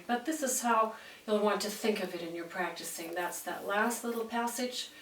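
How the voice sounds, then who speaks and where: A woman's voice: mid-range voice, normal speed, fairly bright tone, a little hiss or hum. A woman teaching piano, explaining the music and singing out rhythms. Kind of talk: piano lesson. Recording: roomy echo, distant mic, piano between phrases.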